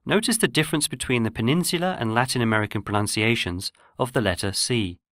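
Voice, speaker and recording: A man giving scripted, measured narration for a pronunciation lesson. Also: mid-range voice, fairly bright tone, no echo, studio quality. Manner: measured, explanatory. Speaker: language course narrator.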